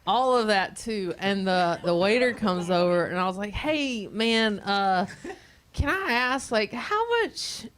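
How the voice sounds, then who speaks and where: A woman telling a funny personal story, animated and often breaking into laughter. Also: mid-range voice, slow. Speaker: comedian. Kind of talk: comedic storytelling.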